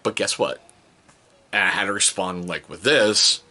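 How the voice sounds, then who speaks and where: A middle-aged man telling stories about his kids in a casual, joking vlog. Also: unhurried. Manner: animated, jokey, mimics his kids in high voices. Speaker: vlogger, father.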